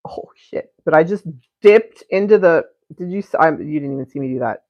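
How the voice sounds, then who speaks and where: A woman's voice: low-pitched, animated, brisk, no room sound. A woman hosting a live stream while she paints at home, talking in a rambling, giggly, profane way and often cutting herself off. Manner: rambling, giggly and profane, with frequent self-interruptions. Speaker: livestream painter and host. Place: home studio. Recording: dull lo-fi stream audio.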